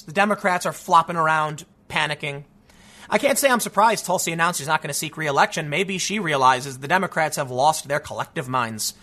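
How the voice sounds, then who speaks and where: Guy ranting about politics on his channel, frustrated, keeps restarting, high bright voice. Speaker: political commentary host. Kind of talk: solo political commentary.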